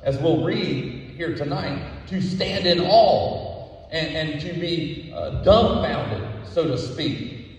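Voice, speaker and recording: A male pastor delivers a sermon slowly and deliberately, leaning on repeated words for emphasis. His voice sits at an ordinary middle pitch and is picked up from some distance, with a long, echoey hall reverb around it. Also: darkish tone.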